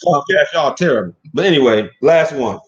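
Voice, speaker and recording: A man hosting a casual, joking chat, animated and profane, who often acts out other people's voices. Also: on the high side, fairly quick. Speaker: podcast host. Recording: echoey dull lo-fi room.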